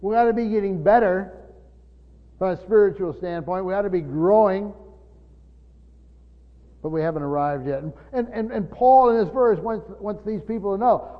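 An older pastor with a high voice preaches at a moderate pace, leaving long pauses between thoughts. His earnest sermon features frequent restarts and repeated words, recorded in dull lo-fi sound under long church reverb.

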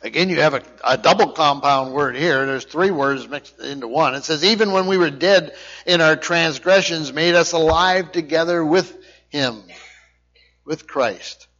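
Male pastor, sermon, emphatic and repetitive, slightly high voice, dull lo-fi recording. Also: measured pace, fairly bright tone. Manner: repeats points emphatically, checks in with listeners. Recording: dull lo-fi sound.

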